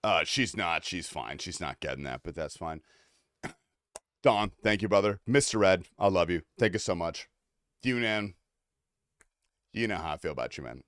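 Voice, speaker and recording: Guy streaming, swears a lot, jokey, lively up-and-down voice, dry close sound. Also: low voice, normal speed, pauses often, no room sound. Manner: joking, rambling, swears often, laughs a lot. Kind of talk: casual livestream chat.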